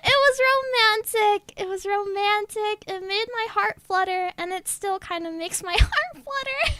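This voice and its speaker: A woman's voice: extremely high pitch, expressive, takes it slowly, noisy background. A woman with a girlish, childlike voice, telling a story in a giggly, rambling way as a VTuber chatting on stream. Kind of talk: casual stream chat.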